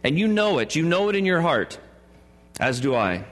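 Pastor, male, joking sermon delivery, slightly high voice, long church reverb. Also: sing-song, normal speed, a bit bright. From California. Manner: joking asides and playful put-on voices. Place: church sanctuary.

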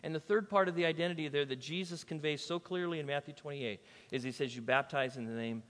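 A man's voice: on the high side, fast talker, a bit bright. Conversational male pastor in a reverberant hall. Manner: conversational, banters with the congregation. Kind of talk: sermon.

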